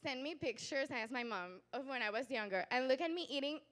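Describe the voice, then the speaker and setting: Animated woman giving a medical lecture. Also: fairly high pitch, quick pace. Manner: animated storyteller, acts out patients and family; laughs often, talks with growing volume. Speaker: pediatric doctor giving a conference talk. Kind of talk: lively conference lecture. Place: conference hall.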